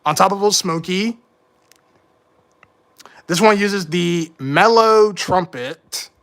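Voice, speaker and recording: Talking slowly in a high, fairly bright voice, a man hosts a casual livestream and offers loose commentary. He wanders off topic, fixes his own mistakes, and shows a bit of frustration.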